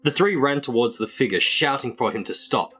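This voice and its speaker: A man reading a children's adventure book aloud in a measured storytelling manner. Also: medium pitch, lively intonation, bright, forceful tone, slightly rough, faint music behind. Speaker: storybook reader.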